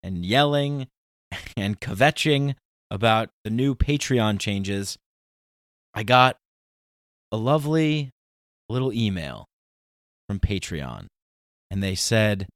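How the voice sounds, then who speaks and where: Animated ranting male podcast host. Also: lowish voice, takes it slowly, pauses often, no echo, studio quality. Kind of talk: solo podcast intro.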